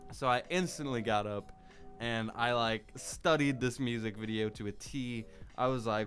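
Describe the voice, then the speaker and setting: A man's voice: mid-range voice, fairly even intonation, normal speed, fairly bright tone, soft background music. A young man chatting casually in a vlog about a favorite song, rambling with lots of "like" and some swearing. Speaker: vlogger.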